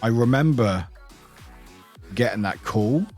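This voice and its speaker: A man's voice: mid-range voice, expressive, takes it slowly, a little mellow, soft background music. A young British man casually chatting on his live stream, swearing freely, laughing often and calling out viewers by name. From United Kingdom.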